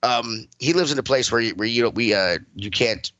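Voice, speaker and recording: A young man and podcast co-host telling a story in a casual, profane, animated way, laughing as he goes. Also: medium pitch, moderate pace, highs cut off.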